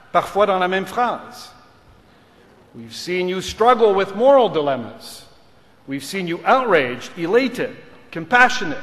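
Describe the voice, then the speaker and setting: A middle-aged male law school dean gives a formal commencement address in a large ceremony hall, his bright, higher-register voice picked up by a podium mic with long hall reverb. His delivery is measured and rhetorical, shifting between English and French in this ceremonial graduation speech.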